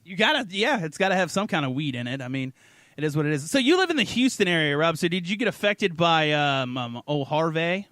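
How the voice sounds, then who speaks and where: A man's voice: fairly high pitch, a little fast, no echo. A man hosting a podcast, chatting crudely and animatedly, often breaking into silly voices. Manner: animated, profane, jumps into funny voices. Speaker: podcast host. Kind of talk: crude casual chat.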